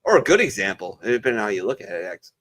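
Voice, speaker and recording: A man's voice: fairly low pitch, big pitch swings, racing, fairly bright tone. A man who is a former Marine, hosting a casual veterans' chat over a video call and telling stories in a rambling, heavily profane way. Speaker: veteran show host.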